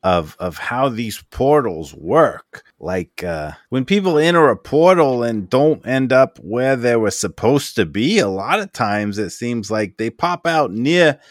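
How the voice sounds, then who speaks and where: A man voicing an excitable, rambling male inventor who stammers as he talks. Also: mid-range voice, a little slow, few pauses, dry recording, studio quality, voice pushed up. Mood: excited, eager. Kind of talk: voicing a character in a tabletop game.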